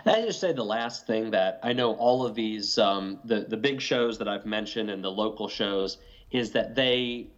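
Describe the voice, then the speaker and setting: A man's voice: on the low side, moderate pace. Brief: male interview guest, earnest advice, muffled lo-fi remote audio. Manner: earnest, advising. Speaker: podcast guest. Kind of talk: casual interview talk.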